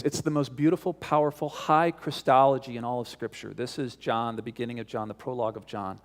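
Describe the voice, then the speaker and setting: A man preaching a sermon as pastor, telling a story in an animated way and often repeating words as he restarts. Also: mid-range voice, a little fast. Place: large church sanctuary. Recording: long church reverb.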